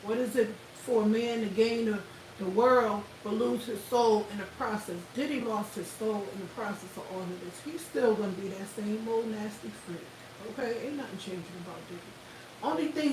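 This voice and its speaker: Woman w ranting on her stream, kinda high voice, echoey room, far from the mic. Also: background noise. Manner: loud, animated, blunt and profane, addresses viewers directly. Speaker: livestream host. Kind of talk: casual livestream commentary.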